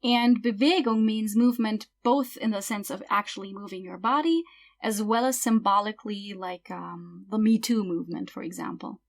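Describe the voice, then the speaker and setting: A woman at a middle pitch giving a step-by-step tutorial. She says example words slowly and carefully, as if for learners to repeat. Her phrase endings often fade to a quiet murmur. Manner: slow careful word-by-word example pronunciation. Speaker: language teacher. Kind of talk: explanatory tutorial.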